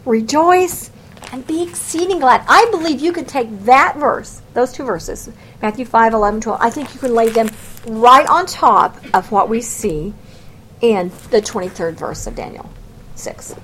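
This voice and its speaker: A woman's voice: a little high, measured pace, slight background noise. A woman preaching a verse-by-verse Bible lesson, retelling the scripture and acting out the voices in it. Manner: expressive storytelling, acts out scripture voices. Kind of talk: Bible teaching sermon.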